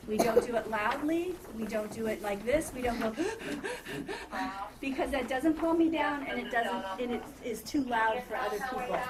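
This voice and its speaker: A woman teaching a first grade class, patiently asking questions and repeating students' answers back. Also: high voice. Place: elementary classroom. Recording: distant mic in a noisy classroom.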